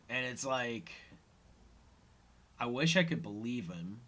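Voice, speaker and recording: A man with a bright, forceful voice talks through an episode recap in a loose, casual way. He rambles, leans on "um" and "like", and acts out bits of dialogue as he goes. His pitch sits in an ordinary middle range. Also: animated, slow pace, long pauses. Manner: rambling, many fillers, retells scenes in quoted lines. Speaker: podcast host.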